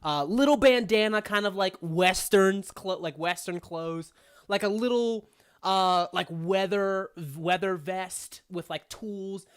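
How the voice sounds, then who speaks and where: A woman's voice: medium pitch, takes it slowly, clear, resonant tone. A woman narrating a tabletop game as game master in a casual, rambling way, full of fillers and frequent laughter.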